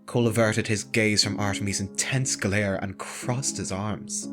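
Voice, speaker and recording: A reader narrating a visual novel in a steady, dramatic storybook manner. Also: deep voice, unhurried, hardly any pauses, music in the background.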